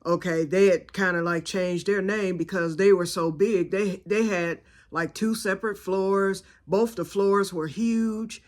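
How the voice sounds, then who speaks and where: A woman's voice: medium pitch, fairly even intonation, a little slow, few pauses. A woman hosting her own video channel, telling a story in a chatty way with laughs, often calling her viewers y'all. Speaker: channel host. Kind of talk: casual storytelling vlog.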